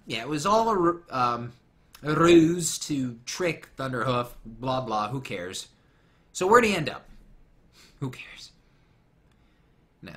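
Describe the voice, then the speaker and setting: A young man chatting through a casual commentary with a bright, forward tone. His pitch swings all over as he rambles and jokes. He keeps wandering off on tangents. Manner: rambling, jokey, goes off on tangents. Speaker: commentary host.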